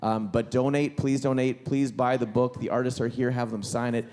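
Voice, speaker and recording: A man's voice: mid-range voice, level tone, normal speed, a little mellow. A man emceeing a live concert and art auction, talking casually and rambling, with many restarts. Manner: rambling, self-interrupting, enthusiastic. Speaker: event host. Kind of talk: casual stage emcee talk. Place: live concert venue, on stage.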